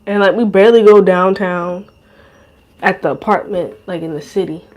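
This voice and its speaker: A young woman talks straight into a podcast mic in a loose, rambling monologue. Her speech is slangy and heavy with cursing and fillers, and her pitch sits in the middle range for a woman. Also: moderate pace. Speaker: podcast host. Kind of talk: casual monologue.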